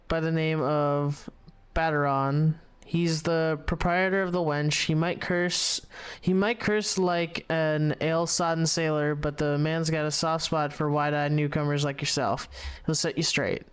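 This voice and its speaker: A man's voice: fairly high pitch, steady tone, unhurried, clear, resonant tone, lightly acted. A man reading the lines of a friendly male guide from a video game who gives directions, with small restarts as he reads. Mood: instructive.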